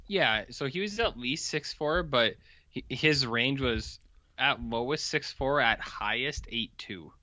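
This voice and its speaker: A man co-hosting a podcast, joking deadpan and riffing on the film with his partner. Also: medium pitch, measured pace, no room sound, lo-fi sound. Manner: deadpan joker, riffs with silly voices. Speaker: podcast co-host. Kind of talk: casual film review chat.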